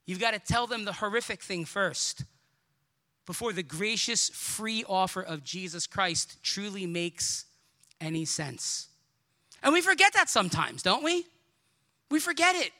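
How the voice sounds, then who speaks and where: A man preaching a sermon. He is animated, acts out quoted voices and builds to shouts. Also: high voice, moderate pace.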